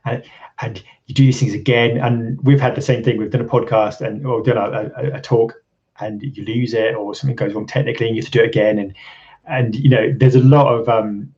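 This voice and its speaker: A man's voice: mid-range voice, fairly even intonation, a little fast, a little mellow, dull audio. A man from England hosting a casual live stream, rambling with lots of ums and restarts and chuckling often. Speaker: channel host. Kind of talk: casual live-stream chat reading viewer comments.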